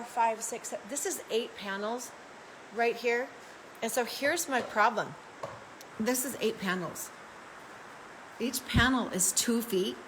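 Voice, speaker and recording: On a low-quality recording with slight background noise, an Arizona woman with a fairly high, fairly bright voice live-streams from her home craft room. She keeps it casual and cheerful, welcoming viewers by name and laughing often.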